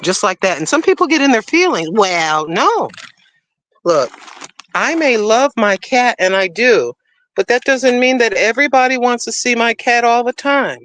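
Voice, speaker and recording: A woman's voice: a little high, expressive, normal speed, a bit bright, dry recording, poor audio. A woman chatting casually on a livestream while she waters her garden, rambling and cooing to her cat. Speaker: livestream co-host.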